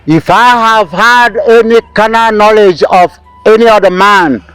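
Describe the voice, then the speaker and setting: A solemn shrine priest, dictating an oath line by line. His voice sits high and measured, recorded dry and close, with faint music behind. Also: fairly bright tone, smooth, no echo. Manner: solemn, commanding. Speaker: actor.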